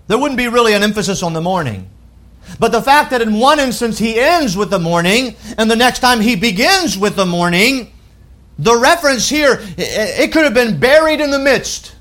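Male pastor, high-pitched, emphatic sermon delivery with loud peaks and soft falls. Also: very animated, normal speed. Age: adult with wife and children. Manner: emphatic preaching with wide swings from loud to hushed.

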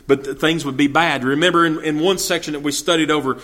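In a slightly high, fairly bright voice with fairly even intonation, this man talks quickly as he teaches the Bible verse by verse. He reads the scripture out loud and follows with plain, folksy commentary full of fillers and restarts.

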